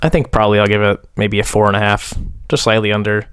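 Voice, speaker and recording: A man's voice: lowish voice, steady tone, fast, fairly bright tone, clear, resonant tone, dry recording, studio quality. A young man casually reviewing films as host, rambling with fillers in a wry, dismissive way. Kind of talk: casual film review chat.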